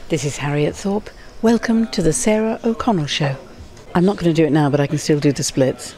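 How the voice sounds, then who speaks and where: A woman's voice: low-pitched, a little fast, mellow. A woman guest chatting breezily on an interview show. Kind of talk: casual interview chat.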